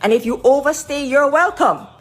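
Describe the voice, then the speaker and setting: A woman's voice: high voice, moderate pace, faint music behind. A woman delivering an emphatic, lecturing monologue to camera. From Jamaica. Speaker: social media commentator.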